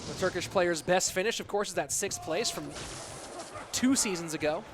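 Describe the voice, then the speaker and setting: A man casting a video game tournament on a live stream, chatty and excitable, talking to his chat between matches. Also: high voice, moderate pace, noisy background. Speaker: esports caster. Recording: music bed behind voice.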